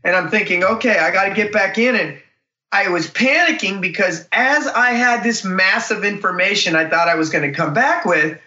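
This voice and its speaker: A man telling a personal story in an animated, intense way. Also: sits high, normal speed. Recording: roomy, distant, dull recording.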